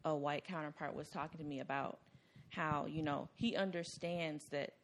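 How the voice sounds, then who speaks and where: A woman in a casual group chat, speaking in a thoughtful, measured way. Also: low voice, steady tone.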